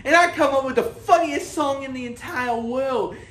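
A man's voice: extremely high pitch, normal speed, a bit bright. A man playing a dreamy, childlike 1950s singer-songwriter who rambles and giggles through a mock documentary interview. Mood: giggly. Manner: rambling, giddy, prone to giggling. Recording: roomy echo.

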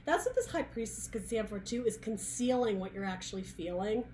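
A woman's voice: medium pitch, brisk, warm tone, a little hiss or hum. A woman reading tarot cards in a chatty, searching way, full of restarts and asides. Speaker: tarot reader. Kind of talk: casual tarot reading monologue.

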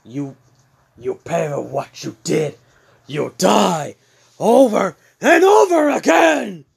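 A man voicing a vengeful, furious male brute in a fan story retelling, menacing and shouting at times. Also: medium pitch, little pitch movement, normal speed, lightly acted.

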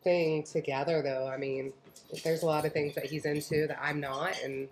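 A woman's voice: deep voice, flat delivery, moderate pace, background noise. A woman chatting casually at home on a diet vlog, chiming in and laughing easily. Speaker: co-host of a keto vlog channel. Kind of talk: casual chat.

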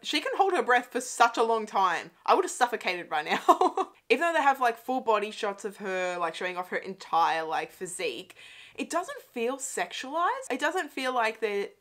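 A woman's voice: on the high side, sing-song, normal speed, a bit bright. A young adult woman hosting a casual movie commentary from home, chatty and laughing often, with frequent swearing. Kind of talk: casual watch-along film commentary. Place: home room.

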